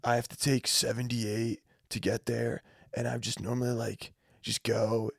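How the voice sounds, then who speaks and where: A man's voice: medium pitch, flat delivery, normal speed, creaky, husky, no room sound, studio quality. A man mumbling as a bragging young classmate. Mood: smug. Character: boastful young male classmate.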